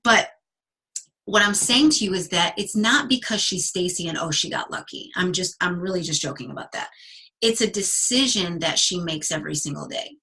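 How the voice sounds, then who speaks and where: A woman guest speaker delivers a motivational talk to a coaching team, in a bright, forward voice. Her tone carries a slight husk, and she talks in a casual, chatty way with plenty of restarts. She leans hard on key words, stretching them out for emphasis. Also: lowish voice, breathy edge, low-quality recording. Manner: enthusiastic and emphatic, slowing down to stress key words.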